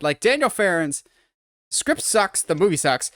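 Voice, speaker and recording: A man's voice: high-pitched, big pitch swings, moderate pace, a bit bright, no room sound, studio quality. A man co-hosting a podcast, rambling through an opinionated film breakdown in casual chat. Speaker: podcast co-host.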